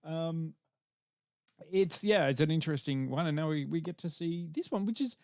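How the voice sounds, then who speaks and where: A man's voice: fairly high pitch, normal speed, darkish tone, no echo. A man hosting a casual podcast chat, joking and laughing often, rambling with fillers. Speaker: podcast host.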